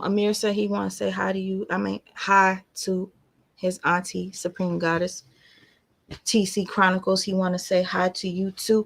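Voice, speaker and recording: A woman chatting on a phone livestream as host of her own channel. She talks loosely and warmly to her viewers, thanking them and addressing her baby, in a mid-range voice. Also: medium pitch, gravelly. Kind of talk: casual livestream chat.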